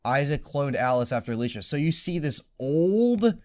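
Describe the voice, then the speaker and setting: A young man co-hosting a casual podcast, talking in an animated, profane way and mocking lines as he retells scenes. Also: a little high, moderate pace. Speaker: podcast co-host.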